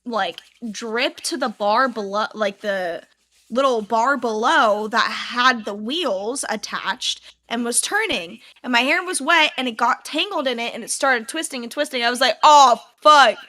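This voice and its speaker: Young woman podcast cohost, high bright voice, animated story-telling. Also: unhurried. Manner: animated storytelling, acts out her own past yells. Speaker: podcast co-host. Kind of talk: casual chat.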